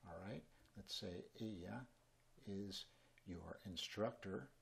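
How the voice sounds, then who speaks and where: A man teaching a Spanish grammar lesson in at a whiteboard, explaining in a relaxed, chatty way with small asides. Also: on the low side, takes it slowly, creaky, slightly rough.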